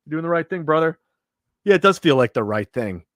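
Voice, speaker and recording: A man's voice: fairly high pitch, expressive, brisk, dry recording, studio quality. Rambling, reflective male streamer. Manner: rambling, reflective, reads chat aloud. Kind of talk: casual chat while livestreaming a game.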